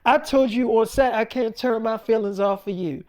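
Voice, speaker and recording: A man's voice: sits high, normal speed, darkish tone, natural voice. A man voicing a jealous young woman who furiously confronts her boyfriend, blunt and profane. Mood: defiant.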